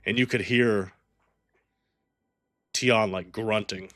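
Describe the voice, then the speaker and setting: A man's voice: lowish voice, measured pace, sharp tone, dry recording. A man running a tabletop game as game master, narrating casually with lots of "like".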